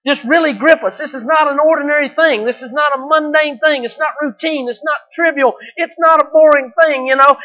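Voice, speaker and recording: A man's voice: very high voice, sharp tone, poor audio. A man preaching a sermon as pastor, earnest and emphatic, repeating his points for weight.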